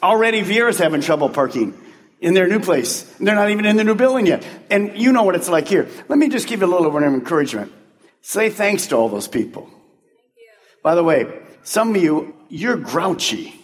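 Here the pastor's voice is high and sing-song, moving fairly quickly. His sermon to the congregation is emphatic and conversational, full of rhetorical questions, echoing with the long reverb of a large church sanctuary.

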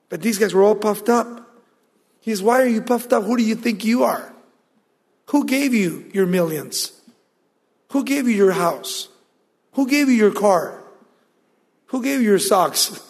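A pastor preaching a sermon, asking the listeners rhetorical questions and answering them aloud with emphasis. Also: male voice, very high-pitched, big-room sound.

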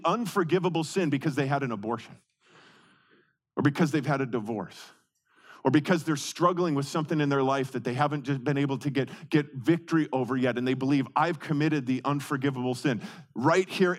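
A male pastor delivering a sermon with a voice a little higher than most men's. He preaches emphatically, hammering key words through repetition. His delivery lurches between quick, pressing bursts and slow, deliberate phrases.

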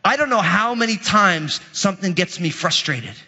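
A man with a high, bright, forceful voice preaches a lively, conversational sermon full of dramatic asides. His voice rings with a long reverb, as if he is in a large hall. The recording sounds dull and lo-fi. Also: normal speed, slightly rough. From Italian heritage. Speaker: pastor.

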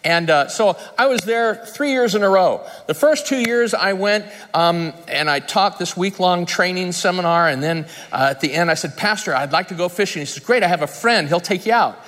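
Guy preaching, kinda high voice, funny stories, big echoey hall. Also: animated, normal speed, few pauses, a bit bright. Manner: storytelling with humor and laughter. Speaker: pastor. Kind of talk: sermon. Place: large conference hall. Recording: long reverb in a hall.

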